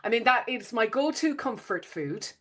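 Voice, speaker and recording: A woman's voice: a little high, lively intonation, moderate pace, a bit bright. A woman hosting a podcast, speaking in a reflective, conversational way. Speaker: podcast host. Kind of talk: podcast interview.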